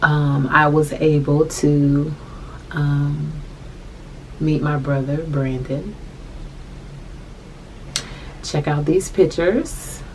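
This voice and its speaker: A young adult woman telling a personal story to camera, soft-spoken and halting, often repeating her phrases. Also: deep voice, fairly even intonation, a little hiss or hum, poor audio. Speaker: vlogger.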